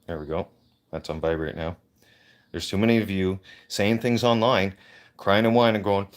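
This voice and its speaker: A man's voice: sits low, steady tone, normal speed. A man ranting in a heated, profane way into a handheld phone on a livestream. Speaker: veteran livestreamer. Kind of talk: angry livestream rant.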